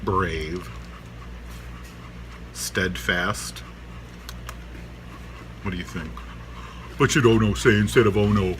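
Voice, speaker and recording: Bright, animated man rambling in his workshop. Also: on the high side, takes it slowly, long pauses, slight background noise. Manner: rambling, animated, laughs often, talks to his dogs. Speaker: vlogger reviewing a cartoon. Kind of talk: casual chat to camera.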